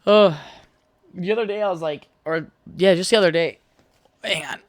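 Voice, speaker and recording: A man's voice: high-pitched, moderate pace, no room sound. A young man hosting a casual solo podcast, rambling and swearing freely as he tells stories. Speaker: podcast host.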